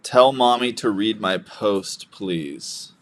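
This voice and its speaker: A young man chats loosely through a home livestream in a fairly low voice, cracking jokes and reading out viewer comments as they come in. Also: takes it slowly, slight background noise. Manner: jokey, reads viewer comments aloud. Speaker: livestream co-host, new father. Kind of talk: casual livestream chat.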